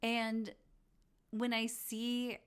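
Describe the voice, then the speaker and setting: A woman's voice: fairly high pitch, monotone, drawn-out words, clean tone. A woman hosting a podcast, chatting casually and gushing with lots of fillers. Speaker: podcast host. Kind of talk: casual reality TV recap chat.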